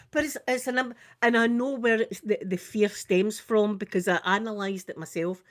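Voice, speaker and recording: A woman's voice: medium pitch, normal speed. An older woman with a Scottish accent, chatting casually on a live makeup vlog and acting out her stories. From Scotland. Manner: animated storyteller, acts out screams and quotes. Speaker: makeup vlogger. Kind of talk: casual storytelling during a live makeup stream.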